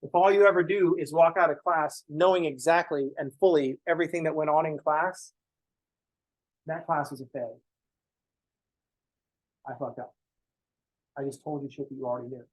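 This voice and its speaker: A young man lectures a college math class with a slightly higher-than-average voice. He talks bluntly and casually, with frequent swearing and joking asides to the students. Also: normal speed, long pauses, rough recording. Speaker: math teacher. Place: classroom, also streamed online.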